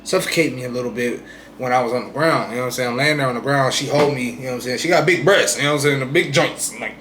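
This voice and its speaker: A young man rambling through a personal story in casual vlog talk, often asking "you know what I'm saying", swinging between loud bursts and quiet asides. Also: mid-range voice, rapid-fire, slight background noise. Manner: animated retelling, swings loud and soft. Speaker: streamer telling his own story.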